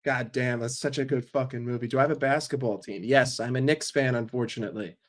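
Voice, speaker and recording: A man's voice: mid-range voice, fast talker. A man from New York ranting casually and profanely on a live stream, rambling between jokes and opinions. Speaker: football fan streamer.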